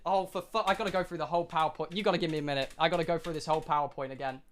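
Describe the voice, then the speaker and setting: Excitable high-voiced British young man. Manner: excitable, swearing, dramatic pauses. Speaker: streamer. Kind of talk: animated storytelling to a live chat. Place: home streaming room.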